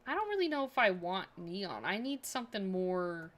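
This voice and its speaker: A woman streamer chats through her building session, musing aloud and trailing off with fillers as she decides. Her voice sits at a middling pitch, relaxed and conversational. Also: moderate pace. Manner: thinking aloud, chatty, filler-heavy. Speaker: game streamer. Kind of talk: casual livestream chat.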